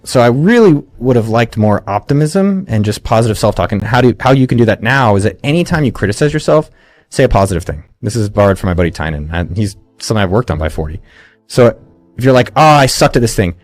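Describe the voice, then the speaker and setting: A man in his forties, an entrepreneur giving energetic motivational advice in an interview, often restarting and acting out quotes. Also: fairly low pitch, quick pace, faint music behind. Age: 40s. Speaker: entrepreneur guest.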